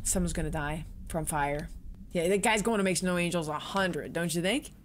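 A woman's voice: fairly low pitch, moderate pace, slight background noise. A young woman streaming a horror game, chatting bluntly and reacting as she plays. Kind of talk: let's play commentary.

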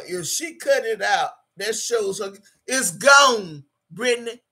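Female streamer: tense, sharp voice with a raspy grain, combative and foul-mouthed, reading chat between jabs. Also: mid-range voice. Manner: profane, combative, repetitive; reads out viewer chat. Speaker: livestream host. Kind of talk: angry livestream rant.

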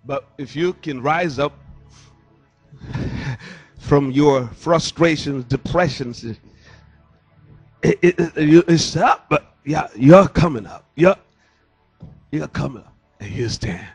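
A man's voice: mid-range voice, big pitch swings, measured pace, pauses often, husky, faint music behind. A man preaching a sermon in church into a handheld microphone, pressing his point with rhetorical questions. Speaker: pastor.

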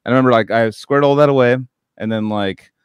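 A man hosting a podcast, talking casually in laid-back slang with quick affirmations. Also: medium pitch, clear, resonant tone, no echo. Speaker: podcast host. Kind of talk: casual chat.

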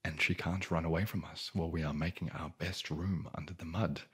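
A man's voice: deep voice, steady tone, fairly quick, slightly rough, exaggerated voice. A man whispering as a scheming old mother toad. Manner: hushed, soft-spoken. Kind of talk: whispered role-play.

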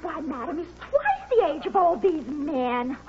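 An actress playing a fussy, devoted middle-aged secretary in a 1980s sitcom, prim and easily flustered. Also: female voice, high voice, sing-song, a little slow, dull audio, noisy background, heavily acted. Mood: fretful.

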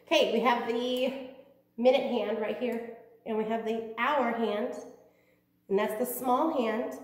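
A woman teaching preschoolers from home, talking in a sing-song, child-directed way. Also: fairly high pitch. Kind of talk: virtual preschool lesson. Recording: echoey room, far from mic, faint ambience.

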